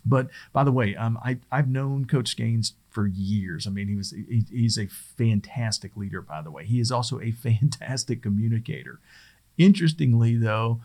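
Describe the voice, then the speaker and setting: A man's voice: mid-range voice, moderate pace, warm tone. A middle-aged man giving a casual instructional talk as a presentation skills trainer, rambling and conversational with frequent restarts.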